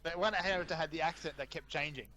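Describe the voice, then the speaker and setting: A man's voice: fairly high pitch, quick pace, crowd noise. A man in a casual gaming voice chat, tossing in wry jokes over a headset. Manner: wry, joking asides. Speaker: gamer on voice chat.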